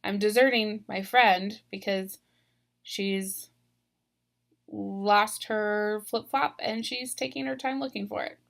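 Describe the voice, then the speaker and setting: A woman teaching a spelling lesson on video, speaking slowly and deliberately and stressing syllables. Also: mid-range voice, fairly even intonation, creaky.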